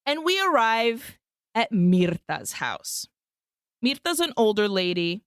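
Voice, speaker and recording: Podcast co-host, woman, smooth, dry close-mic sound, casual bilingual plot recap. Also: a little high, sing-song, slow, fairly bright tone, no room sound. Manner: recaps the plot, switching between English and Spanish, swears freely. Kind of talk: casual film-recap chat.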